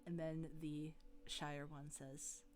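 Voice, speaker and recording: A woman game master describing scenes in a tabletop game, slow and unhurried with many ums. Her voice sits slightly low, and soft music plays faintly underneath. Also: flat delivery.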